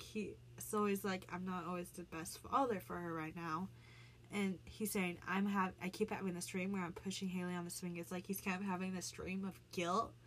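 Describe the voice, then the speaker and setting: A little hiss or hum sits under a woman's mid-range voice as she casually unpacks song lyrics for her vlog. She keeps saying "like" and restarting her thoughts in a chatty way.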